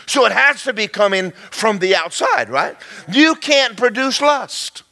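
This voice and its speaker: A man preaching to a congregation, with a bright, forceful voice pitched a little high. He swings between loud emphatic lines and low, quiet asides, acting out folksy little dialogues as he goes. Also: big pitch swings, unhurried. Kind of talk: sermon.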